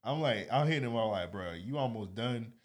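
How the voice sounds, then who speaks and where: A man with a husky, slightly breathy voice spins his stories with a lively, swinging pitch. He co-hosts a casual podcast chat and acts out every quote. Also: a little fast. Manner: animated storyteller, acts out quotes. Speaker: podcast co-host.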